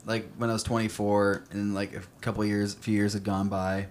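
A man's voice: fairly low pitch, little pitch movement, fairly quick, darkish tone. A man in his late twenties, a musician co-hosting a comedy podcast, trading dry, sarcastic remarks in casual chat.

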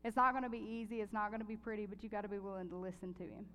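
A woman preaching a sermon and telling a personal story in an animated way, laughing often. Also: mid-range voice, rapid-fire, big-room sound, a little hiss or hum.

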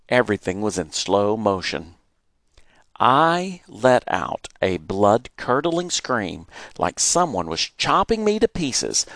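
A man reading his childhood memoir aloud, animated and acting out the moments he retells. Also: fairly low pitch, no room sound, clean studio sound. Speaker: storyteller.

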